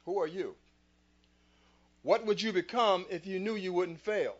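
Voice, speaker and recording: Preachy motivational host, fairly high voice. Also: male voice, a little slow. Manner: preacher-like, rhetorical questions, quotes scripture. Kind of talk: motivational talk. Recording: dull lo-fi sound.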